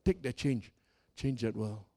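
A man preaching a sermon as pastor of a church, calling out to the congregation and swinging between soft and loud. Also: mid-range voice, expressive, unhurried. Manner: preaching with call-and-response and dramatic swings in volume.

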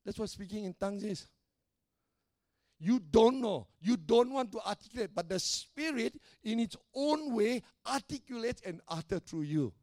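A middle-aged male pastor preaching with a high, ringing voice that rises and drops for emphasis. His delivery is emphatic, punctuated by quick checks with the congregation, and the sound is dry and close with almost no room echo. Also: animated, darkish tone. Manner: emphatic preaching with call-and-response tags. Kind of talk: sermon.

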